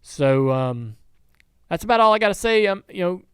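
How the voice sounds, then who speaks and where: A man's voice: high voice, sing-song, normal speed, smooth, no echo. A man hosting a casual studio talk show, telling rambling stories with many restarts. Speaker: podcast host and team owner. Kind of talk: casual chat.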